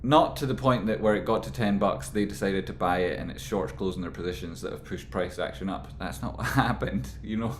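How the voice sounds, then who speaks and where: A man rambling through casual stock market commentary, with animated, exasperated rants. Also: deep voice, a little fast, few pauses, reverberant, a little hiss or hum.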